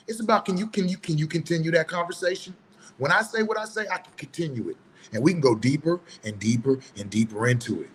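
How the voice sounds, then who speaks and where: A man's voice: high-pitched, slight background noise, rough recording. A man giving a heated, preachy opinion monologue in casual, colloquial speech. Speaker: online commentator.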